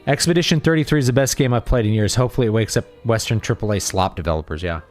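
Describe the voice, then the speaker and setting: A man's voice: fairly low pitch, very fast, faint music behind. A man in his thirties streaming a game, talking casually and rambling as he thinks aloud. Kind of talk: casual gaming livestream chat.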